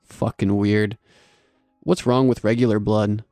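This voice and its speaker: A man's voice: on the low side, steady tone, unhurried, dark tone, dry recording, clean studio sound, soft background music. A man voicing a mocking grown man who laughs at others and taunts them. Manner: taunting, amused.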